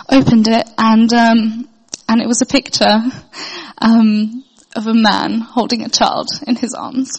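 A woman's voice: fairly high pitch, level tone, measured pace, a little mellow, in a large hall, poor audio. A young woman sharing a heartfelt personal faith testimony, hesitant, with many fillers and restarts. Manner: earnest, heartfelt.

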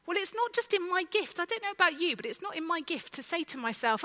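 A woman's voice: extremely high pitch, fast talker, rough recording. A woman preaching a conversational sermon and asking the congregation direct questions. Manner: conversational, lively, asks the listeners direct questions.

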